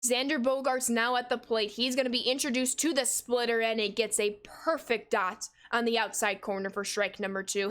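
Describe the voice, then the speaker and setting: A woman's voice: a little high, a bit bright, clean tone. A woman in her twenties streaming, giving play-by-play commentary on a baseball game and answering her live chat in an upbeat, casual way. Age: 20s. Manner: upbeat, greets viewers with casual "yo".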